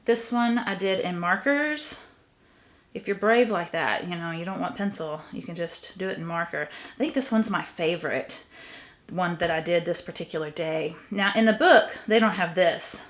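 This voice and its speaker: A woman's voice: lowish voice, normal speed. A middle-aged woman chatting casually as she walks through a craft tutorial, a little sniffly from allergies. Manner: chatty, relaxed, thinking aloud. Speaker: craft vlogger.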